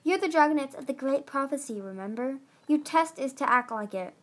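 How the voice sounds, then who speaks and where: A woman's voice: high voice, animated, brisk, voice pushed up. A woman reading the part of a huge, cold male dragon who snaps out curt orders. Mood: stern.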